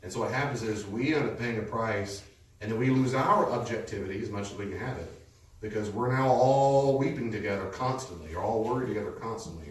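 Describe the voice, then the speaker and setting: A man teaching a class in a conversational way, telling stories with a lively manner to a live audience. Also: fairly low pitch, brisk. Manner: lively storytelling, lecturing. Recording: echoey room, distant mic, faint noise.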